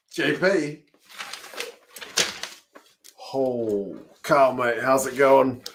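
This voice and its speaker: Excitable man commentating at home. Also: mid-range voice. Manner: excitable, yells at the screen, chats with viewers. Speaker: watch-along host. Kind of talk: live-stream watch-along commentary. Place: home, in front of a TV.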